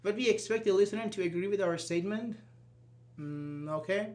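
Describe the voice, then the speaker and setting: A Persian-speaking man who teaches English runs a live online grammar lesson, walking through each step and checking in with his students. His voice is high and a little mellow, and he talks fairly quickly.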